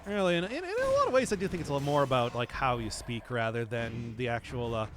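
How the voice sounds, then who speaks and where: A man's voice: medium pitch, very animated, quick pace, noisy background. A man streaming a video game, chatting casually and rambling to his viewers while he plays. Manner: chatty and rambling, talking to chat while playing. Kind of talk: casual gameplay commentary.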